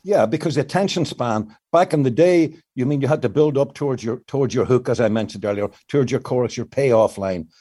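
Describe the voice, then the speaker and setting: A man's voice: mid-range voice, a little fast, few pauses, dark tone, breathy edge. An older male songwriter explaining his craft at length in an interview, with many restarts. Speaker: songwriter guest. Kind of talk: reflective interview answers.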